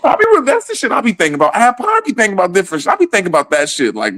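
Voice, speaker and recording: A man's voice: high voice, huge pitch swings, racing, few pauses, fairly bright tone, no echo. A man in a casual comedic rant, swearing freely and laughing often in the middle of his sentences. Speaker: comedic ranter.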